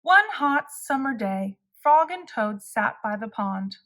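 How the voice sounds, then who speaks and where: Slow, lively woman reading to kids. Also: on the high side. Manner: slow, expressive reading for children. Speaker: children's story reader. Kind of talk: read-aloud storytelling.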